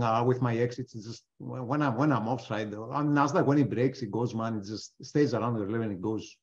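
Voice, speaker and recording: A man's voice: mid-range voice, a little fast, hardly any pauses. A man hosting a live trading webinar, thinking aloud as he trades, often restarting his sentences and tossing in joking asides. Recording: dull lo-fi webinar audio.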